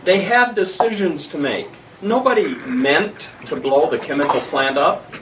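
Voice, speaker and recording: A man's voice: a little high, measured pace, recorded from a distance, background noise. A man leading a group discussion, prompting and explaining. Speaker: discussion leader.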